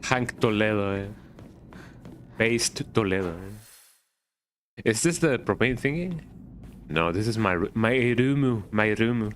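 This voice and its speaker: A man with a slightly low voice talks through a horror game as he plays. He rambles and jokes to himself, repeats words in silly riffs, and keeps adding "eh?". A faint ambient hum sits under his voice. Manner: chatty, playful, adds "eh?" to remarks. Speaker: streamer playing a horror game. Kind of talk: casual gaming commentary.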